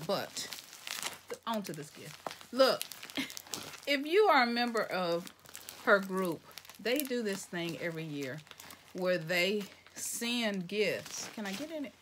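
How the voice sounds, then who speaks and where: A woman unboxing gifts for her viewers in a casual vlog. Her pitch swings widely as she gushes, and she drops into whispers at times. Faint crinkling sits behind her voice. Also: slow, long pauses, slight background noise. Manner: excitable, addresses viewers as "y'all", slips into whispers. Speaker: vlogger opening gifts.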